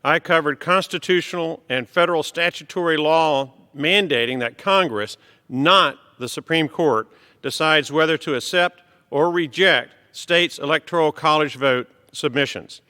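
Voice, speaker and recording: A middle-aged man, a congressman, giving a formal prepared speech from the floor in a measured, emphatic way. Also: on the high side, sharp tone. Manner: measured, emphatic delivery of a written text. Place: large legislative chamber. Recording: long reverb of a large hall.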